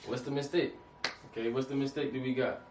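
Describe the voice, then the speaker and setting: A man's voice: mid-range voice, fairly even intonation, fairly quick. Man teaching in a roomy, distant recording. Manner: repetitive, keeps asking "you understand that?"; casual, street-style phrasing. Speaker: Hebrew teacher. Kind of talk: informal lesson over slides. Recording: roomy, distant mic, faint noise.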